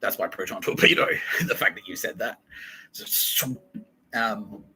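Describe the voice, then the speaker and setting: A man's voice: lowish voice, a little slow, pushed and bright, slight background noise, low-quality recording. Rambling, profane man. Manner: rambling, profane, laughs a lot. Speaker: podcast host. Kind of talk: casual comedic monologue.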